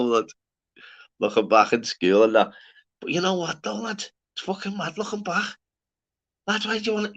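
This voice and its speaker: A man's voice: high voice, sharp tone. A man hosting a live stream, rambling and swearing in casual chat, calling everyone lad. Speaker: livestream host.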